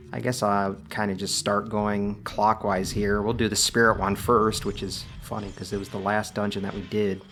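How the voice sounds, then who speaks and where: A man hosting a video game let's play, giving relaxed, chatty commentary full of filler words. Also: lowish voice, slight background noise. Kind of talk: casual gameplay commentary.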